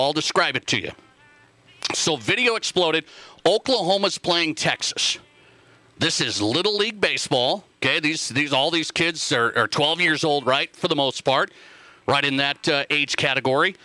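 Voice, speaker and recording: A man's voice: on the high side, bright, forceful tone, dry recording. A man hosting a sports radio show, talking in a rambling monologue that repeats phrases and puts questions to the listeners. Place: radio studio.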